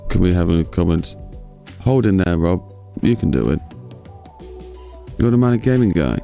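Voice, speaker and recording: A man voicing a low, slow male viewer who leaves him an encouraging comment. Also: expressive, vocal fry, mellow, faint music behind. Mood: mock encouraging.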